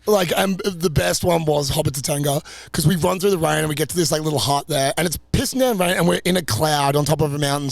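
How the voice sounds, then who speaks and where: A young man co-hosting a podcast, telling travel stories in a lively, laughing, foul-mouthed way. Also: a little high, vocal fry, no echo. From Australia. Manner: animated, laughing, swearing storyteller. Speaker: podcast co-host. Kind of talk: casual travel storytelling.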